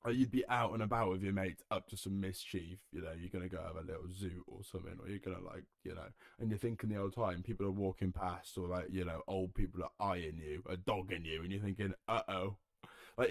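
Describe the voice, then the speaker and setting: A young man from Herefordshire hosts a solo podcast, talking in a loose, jokey ramble full of swearing and laughter. His voice sits low. It is recorded close and dry at his home setup. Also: no room sound. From Herefordshire, England. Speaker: podcast host.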